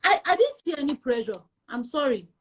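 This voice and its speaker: A young woman with a Nigerian accent, telling her personal story as an interview guest in an emphatic, animated way. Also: high voice, fairly quick. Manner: emphatic and animated, acts out quoted voices.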